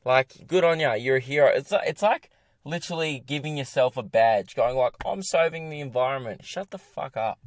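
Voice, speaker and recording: A man's voice: mid-range voice, normal speed, no room sound. Ranting young Australian man, dry sound. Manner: exasperated, ranting, self-mocking. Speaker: comedian podcast host. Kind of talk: rambling solo podcast rant. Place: parked car.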